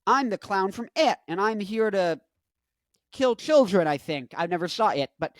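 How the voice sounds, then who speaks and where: Bir adamın taklit ettiği ürkütücü bir palyaço; ses kendi konuşmasından daha tiz ve yüksek, tehditkâr bir havayla ama abartılı. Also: male voice, sits high, expressive, normal speed, no echo, clean studio sound, voice pushed up. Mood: mock menace. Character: menacing killer clown, male, adult.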